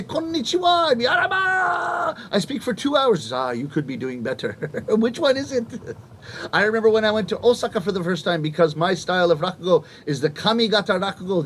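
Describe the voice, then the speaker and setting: A man around fifty, a rakugo comedian telling comic stories to a live audience, animated and acting out voices and punchlines. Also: high voice, slight background noise. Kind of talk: stand-up storytelling to a live audience.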